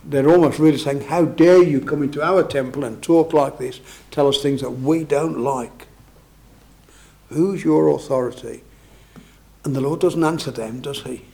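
A man's voice: fairly high pitch, normal speed, creaky, warm tone. A man preaching a sermon, expounding scripture in a conversational way and often asking his listeners tag questions.

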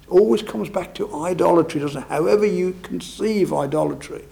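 A man's voice: high voice, fairly quick, gravelly, warm tone. A man preaching a sermon, expounding scripture in a conversational way and often asking his listeners tag questions.

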